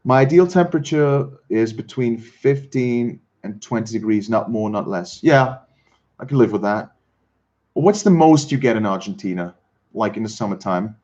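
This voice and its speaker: A man from Switzerland, hosting a casual livestream and chatting with viewers in a halting way, often repeating words and chuckling. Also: fairly low pitch, a little mellow, dull audio. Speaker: livestream host. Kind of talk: casual chat reading viewer comments.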